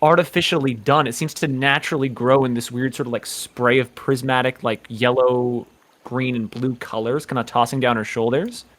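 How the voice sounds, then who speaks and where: A man's voice: mid-range voice, fairly even intonation, moderate pace, fairly bright tone. A man narrating as game master of a tabletop horror game, loose and full of filler words. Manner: loose, hedging, full of likes and kindas.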